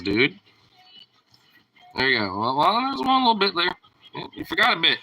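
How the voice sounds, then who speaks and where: A man's voice: fairly high pitch, huge pitch swings, normal speed, pushed and bright, a little hiss or hum, poor audio. A young man talking casually to his dog, teasing it, laughing often and swearing freely. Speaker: vlogger.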